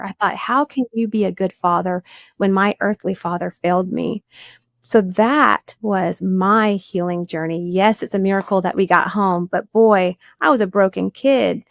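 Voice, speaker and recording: A woman's voice: medium pitch, gravelly, fairly bright tone, dry recording, studio quality. A woman, telling her own story earnestly as a guest in a faith interview. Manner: earnest storyteller, voice rising when moved. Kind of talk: personal testimony in a faith interview.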